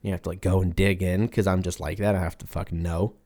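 A man's voice: low voice, flat delivery, fast, darkish tone. A man in his twenties hosting a solo podcast, rambling and profane, mocking himself and laughing often as he talks into a mic at his computer. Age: 20s. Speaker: podcast host. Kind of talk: casual solo podcast rant.

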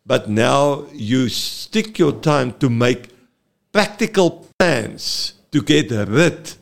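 A man, a therapist, explaining earnestly in an interview, halting often with fillers. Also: mid-range voice, animated, creaky. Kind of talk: explaining in a talk-show interview.

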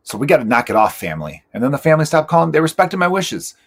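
A man's voice: on the high side, very animated, fast, breathy edge. A man in his thirties, a stand-up comedian hosting his own podcast, rambling in a profane, self-mocking, joking way. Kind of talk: casual solo podcast monologue.

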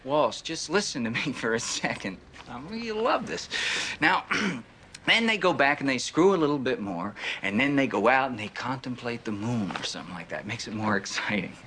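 Sleazy cocky detective from an old film, brash, really lively up and down delivery. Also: male voice, mid-range voice, moderate pace, a little hiss or hum. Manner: brash, swaggering joke-telling. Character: cocky, sleazy male private eye, middle-aged. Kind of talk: 1970s film dialogue.

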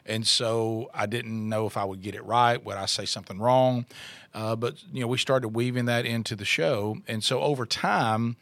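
A man's voice: mid-range voice, steady tone, moderate pace, a bit bright, no room sound. A middle-aged man, a radio co-host telling his story in an interview, rambling with restarts and fillers.

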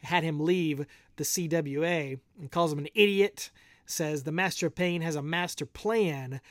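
Chatty podcast host on a dry mic. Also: male voice, fairly high pitch, unhurried, no room sound. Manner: chatty, laughs often, rambling. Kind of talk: casual chat.

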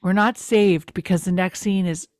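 A young woman co-hosting a casual podcast, recapping a TV episode in an animated, exasperated way, with lots of "like". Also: lowish voice, moderate pace, no room sound, clean studio sound. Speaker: podcast co-host.

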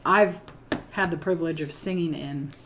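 A woman co-hosting a casual movie review podcast, animated and swearing casually. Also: deep voice, moderate pace, a little hiss or hum. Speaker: podcast co-host.

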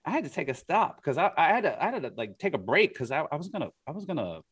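A man as an interview guest, telling stories in a rambling, animated way with frequent laughs and fillers. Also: fairly high pitch, fast, husky. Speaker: guest, art collector. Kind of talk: casual interview storytelling.

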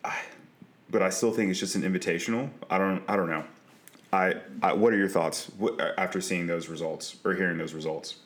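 Deep voiced young guy on a golf podcast, chill and agreeable, repeats himself a lot. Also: fairly even intonation, fairly quick. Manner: easygoing, agreeable, repeats words. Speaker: podcast co-host. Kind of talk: casual chat.

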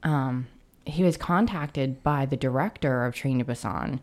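A woman with a notably deep voice co-hosts a podcast, talking casually. She hesitates and repeats words as she starts each thought. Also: a little slow, darkish tone. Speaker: podcast co-host. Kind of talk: casual chat.

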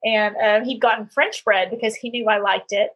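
A middle-aged woman hosts a podcast in a husky, slightly breathy voice that sits a little high. She talks casually, drifting into personal stories and padding her thoughts with fillers and restarts. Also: fairly even intonation, moderate pace, highs cut off. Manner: chatty, tells anecdotes with many fillers. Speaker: podcast host. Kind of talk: casual conversational interview.

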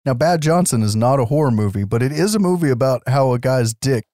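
A man's voice: medium pitch, lively intonation, a little fast, dark tone, no room sound, studio quality. A man casually recapping a movie on a podcast, laughing often and acting out characters. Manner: laughs often, acts out characters in silly voices. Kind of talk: casual comedic chat.

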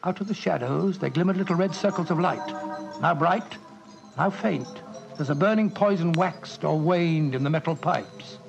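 An actor playing a proper doctor who narrates in a measured, dramatic way, in the style of a 1940s radio drama. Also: male voice, fairly high pitch, gravelly, heavily acted. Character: earnest male doctor narrator, proper and upright. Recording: dull old radio recording with music.

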